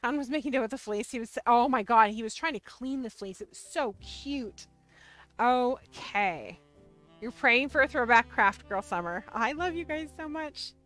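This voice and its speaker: Bright, high-voiced bubbly woman host. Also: expressive, normal speed, no echo, faint music behind. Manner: bubbly, playful, talks to chat. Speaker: livestream host. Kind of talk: casual livestream chat.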